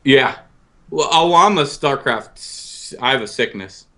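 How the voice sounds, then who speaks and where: A man's voice: medium pitch, animated, a little slow, pushed and bright. A man in his thirties in casual podcast chat, self-deprecating and rambling, often stammering and restarting his sentences. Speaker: guest co-host.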